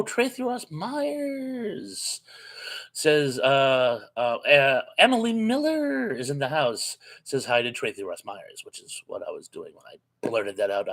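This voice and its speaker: A man hosting a live chat, reading out viewer comments and replying casually. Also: mid-range voice. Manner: chatty, reads viewer comments aloud and answers them with quick asides.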